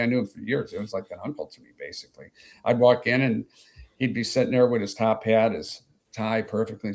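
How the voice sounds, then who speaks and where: A man in his sixties from Chicago telling long stories as an interview guest, rambling with many fillers and asides. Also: fairly low pitch. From Chicago, USA. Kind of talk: anecdotal storytelling in an interview.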